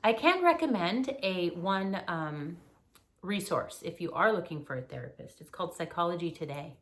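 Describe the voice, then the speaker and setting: A woman's voice: fairly low pitch, expressive, normal speed, fairly bright tone. Earnest middle-aged woman therapist. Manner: earnest, explanatory, frequent ums. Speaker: mental health therapist, guest. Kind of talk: casual conversation.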